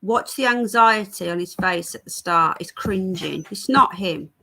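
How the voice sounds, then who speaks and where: A woman's voice: fairly low pitch, unhurried, gravelly, sharp tone, slightly rough. A woman from the United Kingdom hosting a live stream from home, talking casually to viewers and reading their comments aloud. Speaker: livestream host. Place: home with a child nearby.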